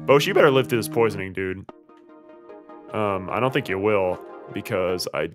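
A man's voice: on the low side, expressive, moderate pace, long pauses, soft background music. A man commentating on his video game playthrough, rambling and exasperated, pleading with the game characters. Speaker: let's play host.

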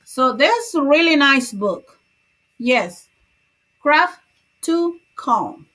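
A woman's voice: high voice, animated, slow pace, bright, forceful tone. A woman hosting a crochet livestream, chatting casually, greeting viewers by name and laughing often.

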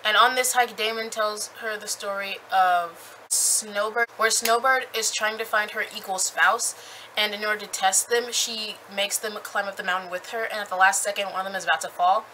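A young woman recapping a book in a chatty, animated way with lots of fillers. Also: medium pitch, slight background noise, low-quality recording. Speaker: book reviewer.

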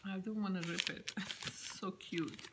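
A woman vlogging as she unboxes gifts, gushing over each one and often dropping to a soft whisper. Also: mid-range voice, steady tone, normal speed, very noisy. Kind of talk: unboxing chat to camera. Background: background music.

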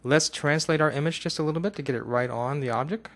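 A man narrating a casual software screencast tutorial, talking himself through each step and now and then bursting into excited whoops, recorded on a desktop mic at his computer. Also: on the high side, quick pace.

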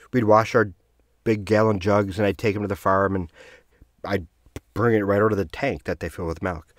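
A man hosting his own podcast, telling a personal story in a rambling, self-correcting way with soft laughs. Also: sits low, no room sound, clean studio sound. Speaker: podcast host. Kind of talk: casual storytelling monologue.

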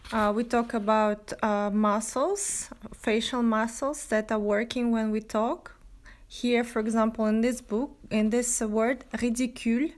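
A woman teacher walks through her French textbooks at an unhurried pace. She hesitates often, fills gaps with "uh," and checks in with the viewer as she reads sample words aloud. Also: fairly high pitch, fairly even intonation. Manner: slow, hesitant, many "uh" and "yeah?" checks. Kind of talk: language lesson, book review.

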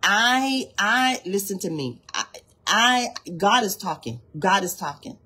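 A woman preaches fervently on an informal devotional livestream, her mid-range voice bright, forceful and slightly rough, with lively intonation and a slow pace. Set indoors near a hallway, she reads from a text between spontaneous exhortations, repeats phrases for emphasis and asks listeners to say lines back to her.

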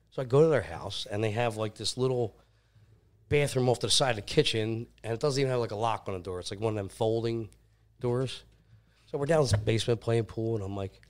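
A man's voice: fairly low pitch, fast talker. A man casually telling crude personal stories on a podcast, laughing often and swearing. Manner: laughing, animated anecdote teller, swears often. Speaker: podcast guest. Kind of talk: casual storytelling.

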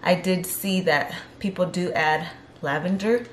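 A young woman chats casually through a home vlog while heavily pregnant, audibly out of breath. Her voice sits slightly low, and she rambles and corrects herself as she goes. The room sounds roomy, with a faint hiss underneath. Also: unhurried. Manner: chatty and rambling, self-correcting. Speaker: vlogger.

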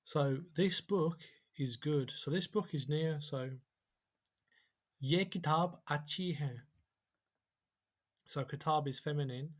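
A man giving a whiteboard language lesson. He sounds out example phrases slowly and carefully. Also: a little high. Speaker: language teacher.

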